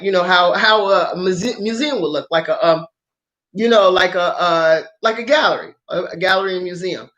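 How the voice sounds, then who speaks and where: Woman vlogger telling a crazy story, animated and cussing a lot. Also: medium pitch, moderate pace. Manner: animated, profane, laughs often. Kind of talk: casual storytelling.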